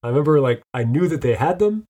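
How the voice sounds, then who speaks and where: A man's voice: on the high side, expressive, fast talker, warm tone. A man co-hosting a casual chat, rambling through a recap with fillers and frequent laughter. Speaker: podcast co-host.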